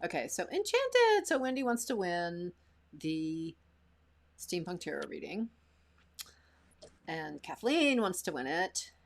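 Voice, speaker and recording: A woman's voice: on the low side, very animated, slow, gravelly, pauses often. A woman co-hosting a live stream in casual chat, giggling often and reading out viewer comments. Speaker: co-host.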